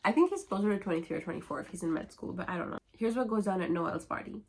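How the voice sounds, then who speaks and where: A woman's voice: medium pitch, very fast, a little hiss or hum. A woman who is a book vlogger, summarizing novels in a casual, wry and sarcastic way.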